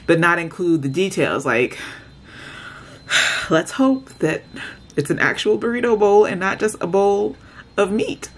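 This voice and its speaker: Chatty woman vlogger, lower voice. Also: lively intonation, normal speed. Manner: chatty, exasperated, ranting; talks straight to viewers. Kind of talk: casual chatty vlog.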